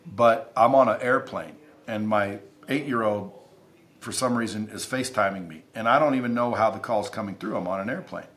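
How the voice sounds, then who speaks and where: A man's voice: on the low side, moderate pace, fairly bright tone. Emphatic man telling stories as a guest. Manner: emphatic and intense, swears freely. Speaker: podcast guest. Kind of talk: casual interview storytelling.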